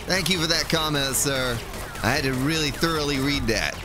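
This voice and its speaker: A man's voice: fairly high pitch, moderate pace, over music. A male game streamer giving live gameplay commentary, talking playfully to himself and to his viewers in the chat.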